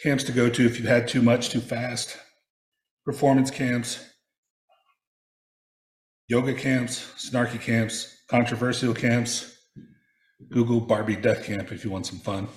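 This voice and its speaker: A man reads a personal reflection he has written, pacing his stories and adding dry, wry asides. His voice sits at an ordinary middle pitch. The recording carries the reverb of an echoey room. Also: flat delivery, measured pace, pauses often. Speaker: speaker sharing a personal reflection. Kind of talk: prepared personal reflection read aloud.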